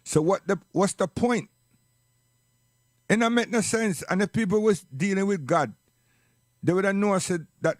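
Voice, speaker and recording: A man's voice: high voice, unhurried, pauses often, dry recording, clean studio sound. A man with a Jamaican accent giving an impassioned, preachy spoken monologue, hammering his points with repeated questions. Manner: preachy, emphatic, repeats "you understand?".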